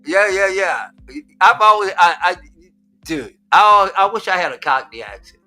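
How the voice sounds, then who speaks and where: Host, American man, high, bright voice, lively stream chat, repeats himself when he gets excited. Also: moderate pace, faint music behind. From United States. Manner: animated, excitable, repeats words, laughs often. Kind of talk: casual chat.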